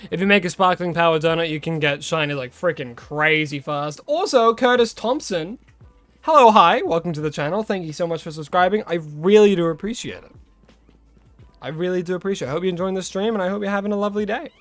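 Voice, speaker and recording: A man's voice: sits high, a bit bright, no echo. An Australian man streaming a game live, chatting casually with viewers, greeting them and correcting himself as he rambles. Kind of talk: casual live-stream chat while playing.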